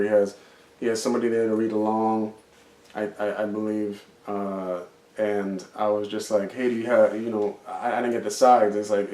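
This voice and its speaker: A man with a fairly low voice, rambling through a story in casual podcast chat, dropping fillers and curses as he goes. He is set back from the mic, so the room echoes around him. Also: a little mellow. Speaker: podcast co-host. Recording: roomy, distant mic.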